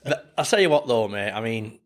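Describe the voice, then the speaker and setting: A male podcast co-host with a lowish voice. He talks in a friendly, chatty way and keeps calling his guest mate. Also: lively intonation, brisk. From England. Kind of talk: casual podcast interview.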